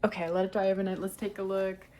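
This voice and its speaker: A middle-aged woman chatting warmly through a step-by-step watercolor painting lesson, often calling her viewers "guys". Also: medium pitch, flat delivery, fast talker. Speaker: watercolor art teacher.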